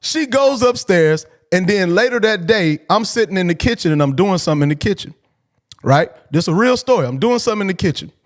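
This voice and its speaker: Podcast host, male, high voice; blunt, profane, animated storyteller. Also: fairly quick. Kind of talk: casual storytelling.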